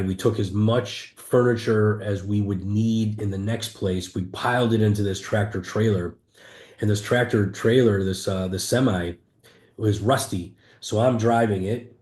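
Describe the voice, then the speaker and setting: A man's voice: lowish voice, a little mellow. Earnest man telling his story, roomy sound. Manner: earnest, emphatic, vivid retelling with frequent restarts. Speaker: entrepreneur guest. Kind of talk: candid personal storytelling in an interview. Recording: roomy echo.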